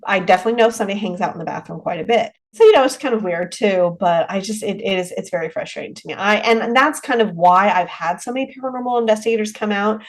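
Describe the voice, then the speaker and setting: Woman, middle-aged, podcast guest, casual rambling talk, frequent restarts, everyday mid-pitched voice. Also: poor audio. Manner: rambling, with many restarts and trailing clauses. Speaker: haunted rental owner, podcast guest. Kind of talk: casual interview chat.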